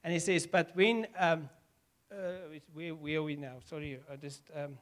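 A man preaching a sermon, acting out lively back-and-forth dialogue with God and laughing often. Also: fairly high pitch, normal speed. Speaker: pastor.

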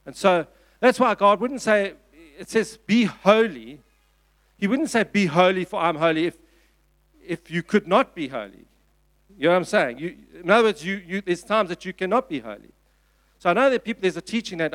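A man's voice: high-pitched, expressive, moderate pace, fairly bright tone. A man with a South African accent preaching a sermon in an earnest, emphatic way, often repeating his phrases. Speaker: pastor. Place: church.

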